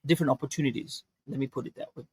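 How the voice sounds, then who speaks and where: A man co-hosting a podcast in casual chat, thinking aloud in a halting way. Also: mid-range voice, slightly rough, dry recording. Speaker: podcast co-host.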